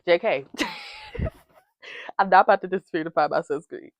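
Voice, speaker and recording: A woman's voice: fairly low pitch, moderate pace, creaky, dry recording, highs cut off. Hyper, giggly young woman vlogger. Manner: hyper, giggly, rambling, talks straight to her viewers. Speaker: beauty vlogger. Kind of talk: casual chatty makeup vlog. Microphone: wireless receiver mic.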